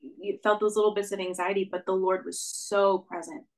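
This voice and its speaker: A young woman shares her experiences as a guest in an interview. Her manner is earnest and reflective, peppered with "like" and "um", and her voice sits at an ordinary middle pitch. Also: flat delivery, moderate pace, low-quality recording. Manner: earnest, reflective storytelling with frequent "like" and "um". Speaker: guest, stage actress. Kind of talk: conversational interview.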